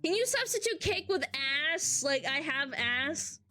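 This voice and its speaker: A woman's voice: high-pitched, sing-song, a little slow, bright, forceful tone, faint music behind. A woman streamer chatting casually with her live chat, brash and swearing freely as she reads messages aloud.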